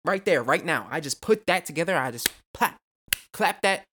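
Fast-talking, profane young podcast host. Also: male voice, fairly high pitch, animated, sharp tone. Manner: rambling, profane, goes off on tangents; jokey, self-mocking asides. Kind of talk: casual solo podcast monologue.

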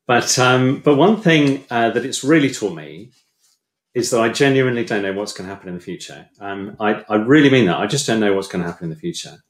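A man giving a sermon in a relaxed, chatty way, hesitant with lots of ums and self-deprecating humour. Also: on the low side, fairly quick. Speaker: preacher. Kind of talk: casual talk in a church sermon. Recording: echoey room.

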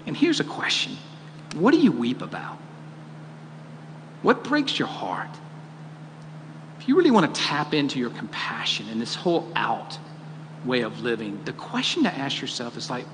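A man's voice: medium pitch, very animated, normal speed, pauses often, a bit bright, a little hiss or hum. A man preaching a sermon, earnest and questioning, rising to emphatic peaks. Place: church auditorium. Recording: long hall reverb, faint ambience.

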